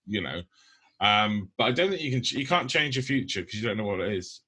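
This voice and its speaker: Blunt British man, bright voice. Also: on the low side, lively intonation, brisk, breathy edge. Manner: blunt, rambling with many ums. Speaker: podcast co-host. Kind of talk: casual podcast chat.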